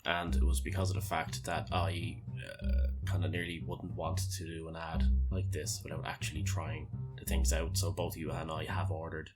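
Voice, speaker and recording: A man with a very low voice co-hosts a podcast. He jokes and rambles in loose, teasing banter. Music plays clearly underneath. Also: level tone, moderate pace, hardly any pauses. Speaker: podcast co-host. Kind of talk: casual banter.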